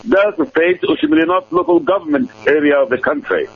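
A male caller, speaking in a measured, hesitant way. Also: on the high side, animated, gravelly. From Nigeria. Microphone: phone line. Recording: tinny phone line.

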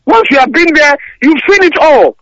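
A man's voice: extremely high pitch, lively intonation, normal speed, pushed and bright, dry recording. A man calling in to a radio talk show, ranting angrily and stumbling over his words. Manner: angry, repetitive stammering rant. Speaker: caller. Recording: dull lo-fi phone-in audio.

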